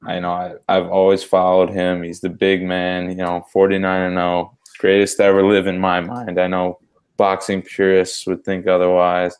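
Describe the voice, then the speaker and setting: Casting: deep, monotone male co-host with a clean voice, eager and chuckly. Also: normal speed, smooth. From US Midwest. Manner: enthusiastic, chuckling, trailing off softly. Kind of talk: casual sports talk.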